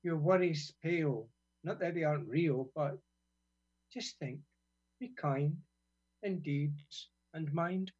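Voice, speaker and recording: Husky British man reading poems. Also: on the high side, takes it slowly, pauses often. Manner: wry, relaxed chat between blunt, sweary verses. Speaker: poet on community radio. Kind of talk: reading his own poems aloud. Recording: dull lo-fi radio sound.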